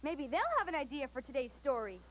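A woman hosting a children's storybook show, talking in a bubbly, excited, sing-song way. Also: sits high, brisk.

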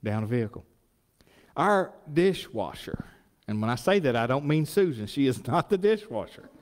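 Folksy preacher in a reverberant church. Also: male voice, a little high, normal speed. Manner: folksy, animated, asks the congregation questions. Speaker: pastor. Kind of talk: sermon.

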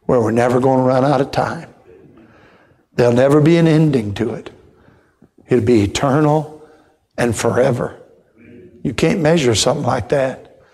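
A man preaching a church sermon as an evangelist, telling folksy stories that swell into shouted praise. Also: mid-range voice.

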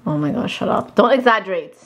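A woman's voice: mid-range voice, expressive, fast, fairly bright tone, reverberant. A woman vlogging at home over dinner, chatting casually and teasing with a light, laughing manner. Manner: playful and teasing, laughs often. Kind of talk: casual family chat.

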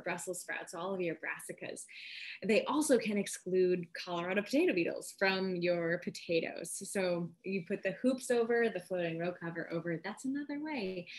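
A woman giving a casual, enthusiastic gardening lesson, chatty and full of asides. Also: mid-range voice. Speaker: seed company gardening educator.

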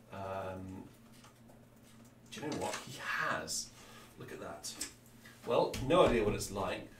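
A man's voice: fairly low pitch, noisy background. A man hosts an informal livestream as an organist, chatting enthusiastically with fillers. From Derbyshire, England. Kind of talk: casual chat on a livestream. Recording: roomy, distant mic, faint ambience.

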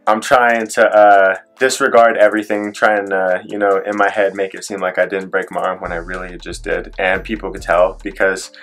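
A man's voice: low voice, flat delivery, normal speed, hardly any pauses, fairly bright tone, faint music behind. A young man telling a personal story in a vlog, rambling with lots of filler words and acting out what people said. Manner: rambling retelling, heavy on filler "like"; acts out quoted voices in his story. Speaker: vlogger.

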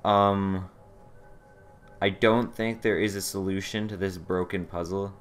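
Low, slow-talking exasperated gamer guy. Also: creaky. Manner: exasperated, sarcastic, swears at the game. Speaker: let's play commentator. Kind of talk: casual gameplay commentary.

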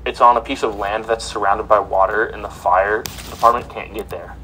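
A man's voice: fairly low pitch, steady tone, normal speed, pushed and bright, slight background noise, low-quality recording. A man hosting a casual podcast, reading sports news items aloud with plenty of ums and uhs. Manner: reads headlines with many fillers.

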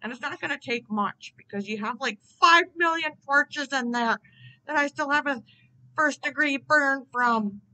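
A woman voicing a grumpy, quick-tempered bald male math teacher in his forties, indignant and threatening. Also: high-pitched, pushed and bright, low-quality recording. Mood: exasperated.

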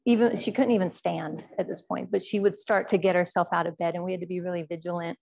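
Gravelly-voiced woman giving a quiet Zen talk. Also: lowish voice, fairly even intonation, quick pace. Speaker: Zen teacher. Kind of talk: dharma talk, personal story.

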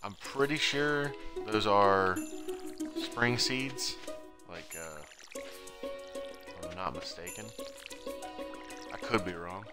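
A man streaming a game, giving casual commentary and muttering to himself, his volume drifting between quiet and loud. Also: on the low side, slow pace, long pauses. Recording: game music playing behind.

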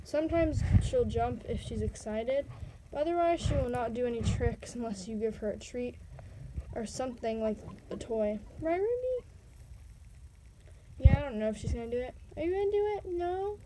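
A woman's voice: on the high side, fairly quick. A young woman hosting a casual pet vlog at home, chatting and coaxing her pets in baby talk. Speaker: pet channel host. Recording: loud background noise.

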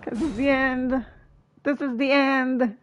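A woman streaming a video game, reacting excitedly to boss fights and chatting to her viewers. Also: sits high, takes it slowly, rough recording. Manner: excitable, exclaims often, thanks viewers. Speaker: gaming streamer. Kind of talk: live gameplay commentary.

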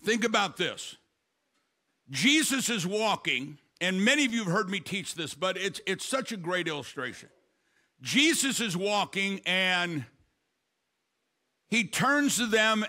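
An older man preaching a sermon as pastor, with quick storytelling asides and sudden loud emphatic bursts. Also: high voice, animated.

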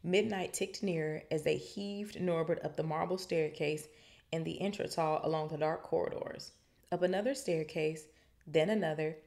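A woman podcast host reading a novel aloud and breaking off for chatty, animated asides. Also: low voice, moderate pace, creaky. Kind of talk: reading aloud with casual commentary.

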